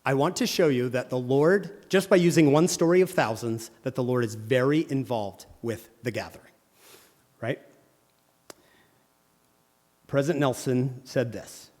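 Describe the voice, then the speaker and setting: A man's voice: mid-range voice, a little slow, pauses often, in a large hall. A man teaching a congregation in a sermon, telling stories and acting out the people in them. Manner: animated storyteller acting out quoted people. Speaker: religious teacher speaking to a congregation. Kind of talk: sermon with storytelling. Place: church hall.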